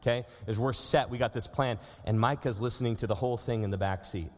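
A man's voice: mid-range voice, quick pace. Preaching man in a reverberant hall. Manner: earnest, conversational preaching with acted-out quotes. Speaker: pastor. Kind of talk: sermon.

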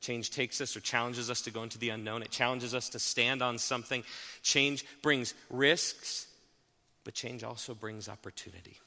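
A man preaching a sermon as pastor, swinging from hushed, slow emphasis to loud, fast, animated stretches. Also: medium pitch, vocal fry, big-room sound.

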